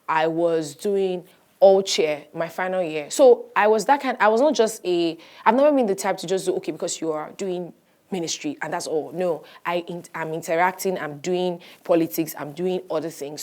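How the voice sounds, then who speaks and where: A woman pastor in her thirties giving a personal testimony, animated and storytelling, acting out the voices she quotes. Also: fairly low pitch. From Nigeria.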